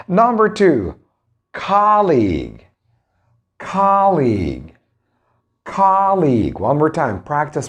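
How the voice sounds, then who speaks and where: A young man with an Arabic accent teaching English pronunciation, drilling words slowly and asking his viewers rhetorical questions. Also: medium pitch. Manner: emphatic, drawn-out word drills and rhetorical questions. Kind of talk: spoken English lesson.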